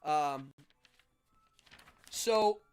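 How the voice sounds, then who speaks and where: A man hosting a casual livestream, rambling and excitable, laughing often and reacting out loud to chat messages. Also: on the high side, drawn-out words, smooth, faint music behind. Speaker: host.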